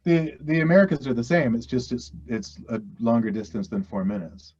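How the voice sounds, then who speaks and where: A man's voice: mid-range voice, animated, brisk, darkish tone, a little hiss or hum. A middle-aged man from western Canada, chatting as an actor guest in a casual interview, rambling and self-deprecating with many restarts. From West Coast Canada. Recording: dull lo-fi audio.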